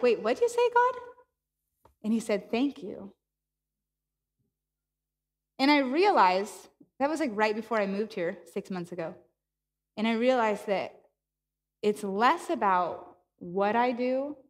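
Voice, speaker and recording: A woman's voice: mid-range voice, long reverb tail. A woman preaching a sermon, telling a personal story with laughter and acted-out dialogue. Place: church.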